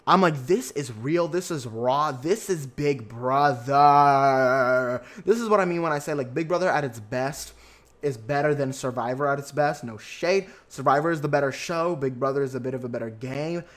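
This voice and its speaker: A young man hosting a podcast, recapping reality TV in a chatty, animated way and acting out his own reactions. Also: medium pitch, a little fast. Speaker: podcast host.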